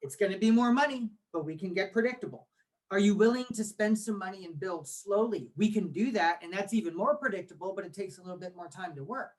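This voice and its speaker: A man in his forties, a guest on an interview podcast, explaining things with lively rhetorical questions. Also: high voice, quick pace. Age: 40s. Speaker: guest, marketing agency owner.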